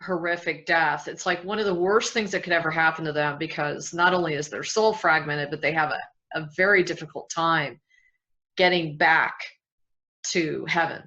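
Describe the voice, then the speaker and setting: A woman host with a lowish but bright, sharp voice leads the interview. She is engaged and thoughtful, following up on what her guest says. Her sound comes through dull and lo-fi. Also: fairly even intonation, moderate pace. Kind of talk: interview conversation. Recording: dull, lo-fi audio.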